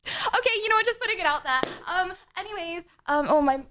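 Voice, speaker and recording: A woman's voice: very high-pitched, lively intonation, sharp tone, dry recording. A young woman streaming live, chatting in a rambling, giggly way. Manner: giggly, rambling, talks fast. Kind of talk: casual live-stream chat.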